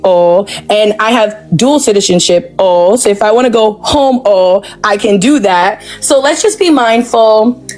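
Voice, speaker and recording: A woman giving sarcastic online commentary, speaking slowly on purpose and tagging lines with "right?" and "oh". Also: medium pitch, a little mellow. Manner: sarcastic, deliberately slow, tags lines with "right?" and "oh".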